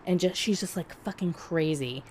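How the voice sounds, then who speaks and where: A woman with a low voice tells a story on a podcast in blunt, profane casual chat. She is animated and laughs as she goes. A faint background hiss sits under her voice. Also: moderate pace. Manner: animated, laughs while telling. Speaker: podcast co-host.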